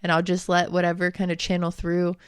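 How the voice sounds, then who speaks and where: A woman co-hosting a podcast in casual chat, telling animated stories and laughing often. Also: on the low side, fairly quick, clear, resonant tone, no echo, clean studio sound. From United States. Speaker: podcast co-host and spiritual channeler.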